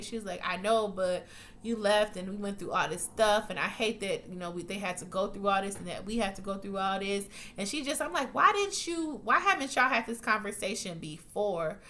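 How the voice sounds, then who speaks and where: A chatty woman tears through a TV episode recap, swearing freely and slipping into the characters' voices as she goes. Her voice is bright and forward, set at a middle pitch for a woman. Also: fairly even intonation, fairly quick, a little hiss or hum. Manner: profane, blunt, chatty, acts out quotes. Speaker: TV recap vlogger. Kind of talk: casual recap.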